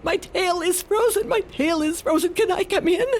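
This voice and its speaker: A woman's voice: extremely high pitch, normal speed, a little hiss or hum, pitched above the performer's own voice. A woman voicing a small male fox with a frozen tail, pleading in a fretful, whiny way.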